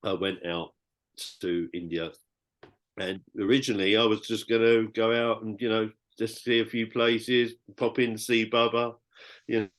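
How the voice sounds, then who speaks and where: Brief: British man, low voice, rambling heartfelt podcast storyteller. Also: flat delivery, normal speed. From Britain. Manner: rambling and heartfelt, with many restarts. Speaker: podcast guest. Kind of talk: personal storytelling.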